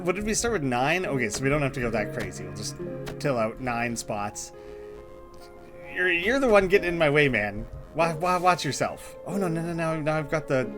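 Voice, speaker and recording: A man casually commentating his gameplay as a let's play host, rambling and correcting himself with frequent laughs. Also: mid-range voice.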